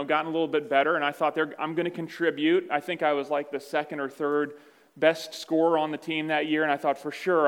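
A man preaching a sermon, telling a personal story in a relaxed, self-deprecating way. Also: fairly high pitch, clean tone, in a large hall. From Virginia, USA. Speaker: pastor. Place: church sanctuary.

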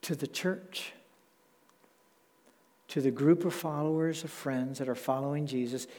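A male pastor preaching a sermon in a measured, emphatic way, slowing down to stress key words. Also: a little high, darkish tone. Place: church sanctuary. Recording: long church hall reverb.

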